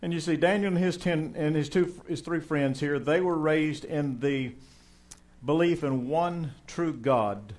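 A man preaching to his congregation in a somewhat higher voice than most men. He moves from easygoing, chatty asides to fervent, swelling emphasis, and his voice rises in pitch and volume when he presses his point. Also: a little slow, a little mellow. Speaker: pastor. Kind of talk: sermon.

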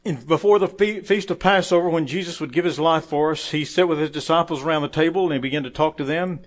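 A man preaching a sermon as pastor, quoting scripture, saying "amen" often, rising to loud emphatic phrases and dropping quiet for asides. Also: fast. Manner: emphatic preaching that swells louder on key phrases and drops low and quiet for asides; quotes scripture with frequent "amen".

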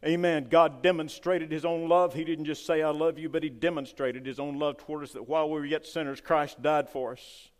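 A man's voice: fairly high pitch, fairly even intonation, fairly quick, few pauses. Fervent preacher man in a reverberant hall. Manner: fervent preaching, swings between loud and hushed. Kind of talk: sermon.

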